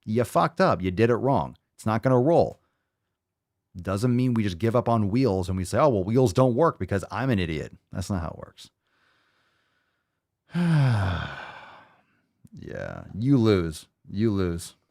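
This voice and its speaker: A man's voice: fairly low pitch, big pitch swings, a little slow, long pauses, darkish tone, dry recording, clean studio sound. A man hosting a podcast, ranting in blunt, mocking, profane commentary. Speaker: podcast host.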